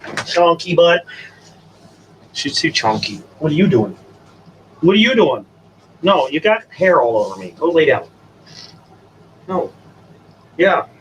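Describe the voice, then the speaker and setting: A man hosting a casual stream and giving his dogs coaxing commands, jumping to high sing-song calls. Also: sing-song, takes it slowly, long pauses, a bit bright. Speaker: stream host. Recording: distant from the mic. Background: dogs, faint room noise.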